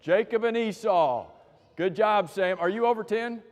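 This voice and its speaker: High-voiced joking Bible class teacher. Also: male voice, unhurried, long reverb tail. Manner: lively, joking teacher calling on people by name. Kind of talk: quiz review with a church class. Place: church classroom.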